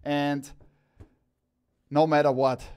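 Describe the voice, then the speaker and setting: A man hosting a live-stream product showcase, talking in an excited, enthusiastic and rambling way as he presents hats one by one. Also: a little high, takes it slowly, smooth. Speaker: cap store host.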